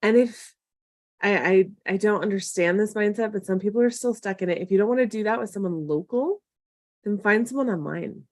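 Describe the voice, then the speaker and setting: A woman hosts a live coaching session and talks casually to her viewers. Her voice sits mid-range and comes across warm-hearted but blunt, encouraging one moment and tough-love the next. The sound is dry and close, with no room echo. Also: medium pitch, a little fast. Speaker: marketing coach hosting a live Q&A.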